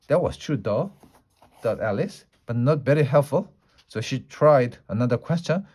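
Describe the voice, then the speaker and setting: A man narrating a storybook for English learners, reading at an easy, unhurried pace. His voice sits at an ordinary male pitch, with the occasional filler and self-correction. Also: expressive, a little mellow.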